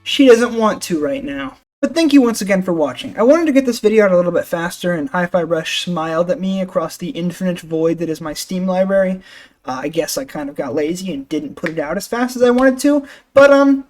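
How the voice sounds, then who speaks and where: A man's voice: high-pitched, animated, a little fast, darkish tone. A young man hosting his gaming channel, narrating a game review voice-over in a jokey, sarcastic way with casual swearing.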